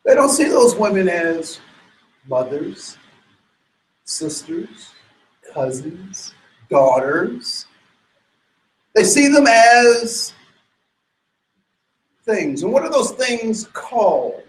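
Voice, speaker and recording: Man, sermon-like talk, emphatic, rhetorical questions, high voice, echoey room. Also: very slow, long pauses. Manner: animated, emphatic, many restarts and rhetorical questions. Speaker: speaker addressing an audience.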